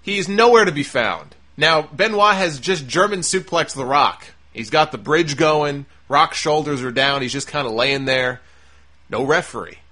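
Casting note: bright, forceful male podcaster, sarcastic and profane, riffs fast on last night's wrestling. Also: fairly high pitch. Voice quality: sarcastic, animated, swears freely. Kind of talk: casual profane recap and rant.

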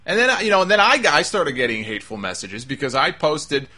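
A man's voice: on the high side, sing-song, brisk, sharp tone. A man hosting a talk show, delivering an emphatic, exasperated opinion monologue. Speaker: wrestling talk show host.

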